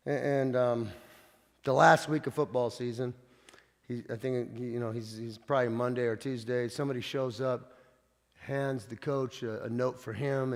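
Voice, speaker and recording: A man's voice: mid-range voice, a little mellow. A man preaching a sermon as pastor, telling stories in a conversational way with frequent restarts. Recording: long reverb of a church hall.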